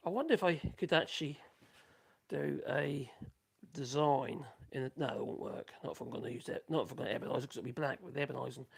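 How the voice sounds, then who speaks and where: Gravelly and husky at a medium pitch, a man talks fast as he works in his workshop, rambling casually to viewers and muttering to himself. He hosts a woodworking livestream.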